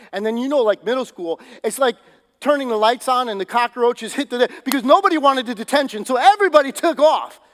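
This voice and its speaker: A man preaching a sermon as pastor, telling stories in a loose, conversational and animated way. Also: very high voice, long reverb tail. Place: church sanctuary.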